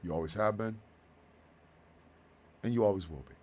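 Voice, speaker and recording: Speaking of personal loss, a fifty-something man hosting a radio show talks slowly, haltingly and from the heart. Now and then his emotional monologue erupts into loud, excited bursts.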